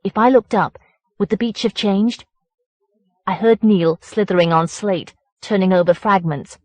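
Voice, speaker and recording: A woman reading a first-person horror story aloud as an audiobook narrator, in a measured, deliberate way. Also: mid-range voice, dry recording.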